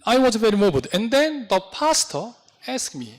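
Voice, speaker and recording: Lively high-voiced pastor. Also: male voice, moderate pace. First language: Korean. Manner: storytelling with non-native English phrasing. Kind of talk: sermon.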